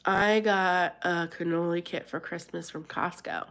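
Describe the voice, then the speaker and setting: Woman, live stream host, casual chat, slightly low pitch, laughs often, from Pennsylvania. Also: fairly even intonation, unhurried, fairly bright tone. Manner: chatty, laughs often, answers viewers by name. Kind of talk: casual live chat, reading viewer comments.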